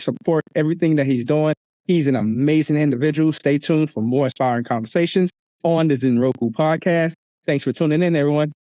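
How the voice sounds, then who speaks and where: A man's voice: fairly high pitch, warm tone, no echo, highs cut off. A man hosting a podcast interview, friendly as he wraps up and thanks his guest. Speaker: podcast host.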